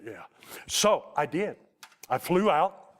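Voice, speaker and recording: A man preaching a storytelling sermon, giving an emotional testimony that slows to a hush at its tender points. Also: fairly high pitch, sing-song. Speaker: Baptist preacher.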